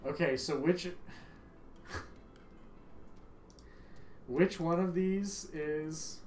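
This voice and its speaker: A young man livestreaming a game, chatting casually with viewers, loud and joking with free swearing. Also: a little high, very slow, a little hiss or hum. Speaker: livestream gamer. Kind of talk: casual stream chat. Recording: echoey room, faint ambience.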